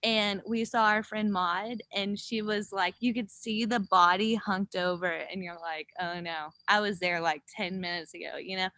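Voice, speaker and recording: At normal speed and with few pauses, a young pro gravel cyclist shares race anecdotes as a guest in a relaxed conversation. Her medium-pitched voice comes through with no room sound, and she animatedly performs the quotes and swears without hesitation.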